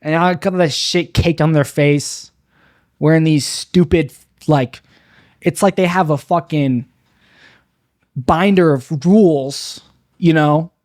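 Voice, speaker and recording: A young man with a slightly high voice rambles through a bitter, self-mocking stand-up monologue, stumbling and restarting his sentences. The recording is dry and close, with no room sound. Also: slow pace, long pauses, a little mellow, dry recording. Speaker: stand-up comedian.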